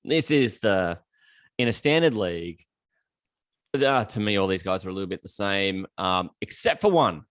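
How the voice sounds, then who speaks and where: A man's voice: deep voice, animated, normal speed, fairly bright tone, dry recording. An Australian man hosting a fantasy football podcast, leading the chat in a playful, teasing way. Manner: playful, teasing, steers the talk. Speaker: podcast host.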